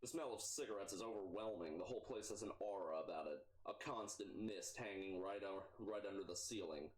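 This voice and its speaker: A man reading out a game's story in a let's play, throwing in self-mocking asides. His voice sits a little low. The recording has a roomy, echoey sound. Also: a little fast. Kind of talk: reading a game's text aloud with jokes. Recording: echoey room.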